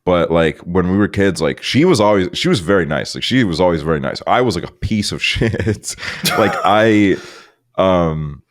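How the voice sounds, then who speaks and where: A man's voice: sits low, lively intonation, moderate pace. A young man co-hosting a podcast, rambling through childhood stories with plenty of swearing. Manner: rambling, swears often, mimics voices in stories. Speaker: podcast co-host. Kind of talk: casual chat.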